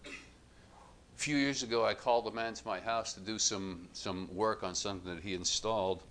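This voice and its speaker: A man preaching a sermon to his congregation, measured and emphatic, setting up contrasts and lifting his voice on quoted lines. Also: on the low side, steady tone, a bit bright, slight background noise.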